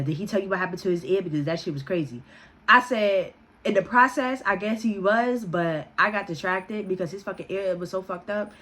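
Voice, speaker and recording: A woman vlogger telling a story in casual storytime style, profane and animated, acting out what others said. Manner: animated, profane, quotes people with raised pitch.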